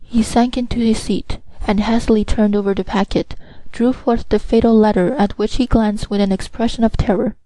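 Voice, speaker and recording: A woman narrating an audiobook in a steady, measured storytelling manner. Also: a little high, no echo, poor audio.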